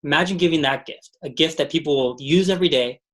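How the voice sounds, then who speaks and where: A man's voice: fairly high pitch, fast, a bit bright. A man leading a motivational sales training call, telling stories and repeating mantras with energy.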